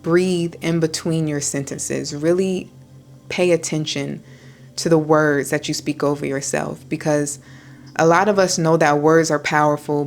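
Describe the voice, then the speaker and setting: A woman vlogger speaking in a low, soothing voice, slow and deliberate, pausing between her sentences. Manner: slow, soft, deliberate speech with pauses. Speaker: wellness vlogger. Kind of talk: calm talking-head vlog.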